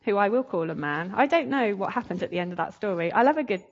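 A woman's voice: mid-range voice, expressive, fast talker, lo-fi sound. A woman telling a faith testimony in a chatty, emotional way, laughing often. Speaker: speaker sharing a testimony. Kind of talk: sermon testimony.

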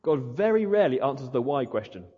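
A man's voice: mid-range voice, big pitch swings, fast, husky. A man preaching a sermon, acting out questions and prayers in a rhetorical way. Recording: dull echoey hall.

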